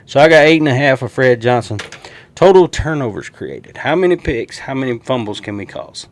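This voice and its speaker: A man with a Southern accent, hosting a casual football prediction show and talking to viewers in an animated, joking way. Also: medium pitch, moderate pace. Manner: animated, jokey, talks straight to viewers. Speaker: sports show host. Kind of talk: casual sports prediction talk.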